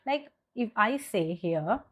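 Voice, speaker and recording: A woman's voice: medium pitch, animated. A woman with an Indian English accent teaching an online lecture, explaining step by step and checking in with "okay". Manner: slow, explanatory, repeats points with "okay".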